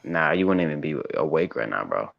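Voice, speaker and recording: A man's voice: a bass voice, very animated, brisk, gravelly. A man calling in to a livestream, trash-talking and boasting in crude joking banter. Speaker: call-in guest on a livestream. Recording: dull lo-fi call audio.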